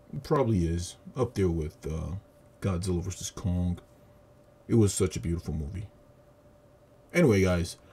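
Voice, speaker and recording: Low dark-voiced man ranting a review. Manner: profane, animated retelling with acted quotes. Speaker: video reviewer. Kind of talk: casual movie review. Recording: audio static.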